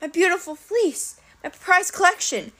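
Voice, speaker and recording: A woman's voice: extremely high pitch, very animated, moderate pace, fairly bright tone, voice pushed up, heavily acted. A woman voicing a huge male cyclops who swings between menace and whiny sobbing. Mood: pleading.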